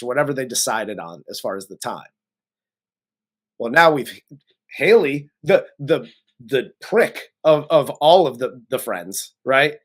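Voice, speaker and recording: Swearing freely and laughing a lot, this movie-review co-host recaps the plot in a casual chat and doesn't hold back his opinions. He talks slowly in an animated, medium-pitched voice that's a bit bright.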